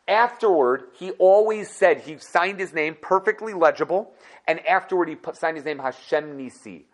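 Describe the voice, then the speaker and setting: A man teaching a casual Torah class, telling stories in an animated, conversational way. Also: mid-range voice, normal speed.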